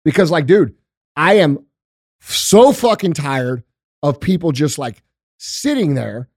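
A man's voice: a little high, animated, slow, no echo, clean studio sound. A man in his forties hosting a podcast, ranting with heavy swearing and emphatic repetition. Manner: profane, emphatic, repeats himself. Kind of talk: heated opinionated rant.

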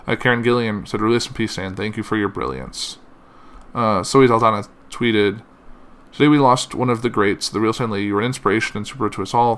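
A man with a bright, forceful tone and a somewhat low voice reads tributes aloud. He halts often, with fillers and self-corrections, and sounds shaken enough that he struggles to keep going. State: emotional, finding it hard to continue. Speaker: commentator reading tributes. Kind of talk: reading statements aloud.

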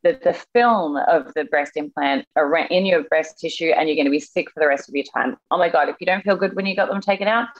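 A woman's voice: deep voice, a little fast, hardly any pauses, lo-fi sound. A young woman chatting casually and telling a story with animation, acting out the people she quotes. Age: young adult. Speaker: guest. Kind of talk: casual chat.

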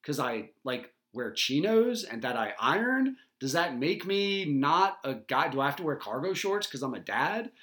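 Bright-voiced man rambling on a podcast. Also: a little high, sing-song, normal speed, hardly any pauses. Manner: rambling, filler-heavy, swears freely. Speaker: podcast co-host. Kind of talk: casual podcast chat.

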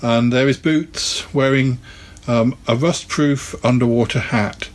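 A man casually talking through an old children's annual and reading from it, relaxed and chatty with plenty of ums and asides. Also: medium pitch, takes it slowly. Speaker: video host reviewing a vintage annual. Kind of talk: casual rambling commentary and read-aloud.

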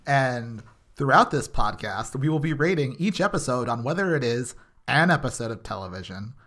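A man co-hosting a comedy podcast, chatting casually with deadpan jokes. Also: medium pitch, moderate pace. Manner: deadpan jokey asides. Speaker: podcast co-host.

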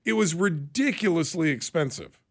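A man co-hosting a radio show, chatting casually and reacting with animated disbelief. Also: a little high, normal speed, gravelly. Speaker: radio co-host. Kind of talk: casual chat.

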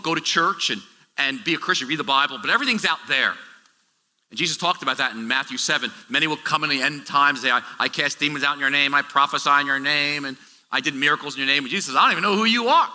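A middle-aged man gives an animated, conversational sermon, often restarting and going off on asides. His bright, lively voice swings high and low. It rings through a large hall with a long tail of reverb. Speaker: pastor.

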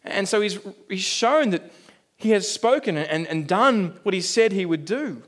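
A man's voice: sits high, animated, unhurried. A male preacher delivering an earnest, conversational sermon full of rhetorical questions.

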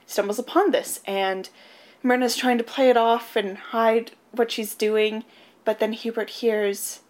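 A woman co-hosting a casual movie podcast, retelling the plot and adding dry jokes. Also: fairly high pitch. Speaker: podcast co-host. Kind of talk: casual plot recap and chat.

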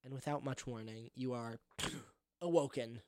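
A woman's voice: a bass voice, fairly even intonation, a little slow, darkish tone, no echo, clean studio sound. A woman narrating a tabletop game podcast as game master, with many ums and uhs. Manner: hesitant, filler-heavy narration.

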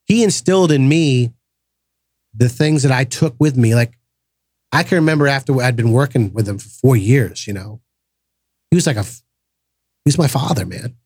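A man's voice: mid-range voice, normal speed, pauses often, slightly rough, no echo, clean studio sound. A middle-aged man from Massachusetts telling personal stories in a casual podcast chat, acting out the voices of people he quotes. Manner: animated, acts out quoted voices. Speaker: podcast guest. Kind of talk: casual storytelling conversation.

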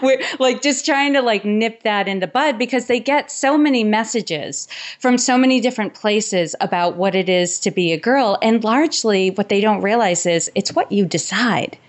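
A woman from New England hosts a podcast, talking things through in a reflective, conversational way. She laughs easily, and her voice sits at an ordinary middle pitch. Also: normal speed. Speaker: podcast host. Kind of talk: casual conversation.

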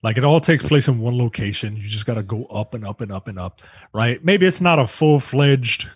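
Husky, animated man in casual chat. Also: mid-range voice, a little fast, no echo. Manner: animated, enthusiastic, laughs easily. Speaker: podcast co-host.

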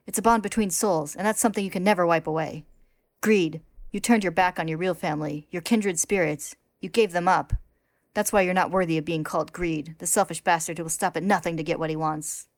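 A woman's voice: lowish voice, fairly even intonation, fairly quick, no echo, natural voice. A woman voicing a stern young man who scolds and demands in a firm voice. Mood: scolding.

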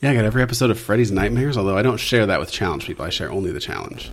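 A man's voice: fairly low pitch, racing. A man hosting a podcast, talking casually and rambling with plenty of fillers. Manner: relaxed, rambling, chatty with fillers. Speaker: podcast host. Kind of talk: casual chat.

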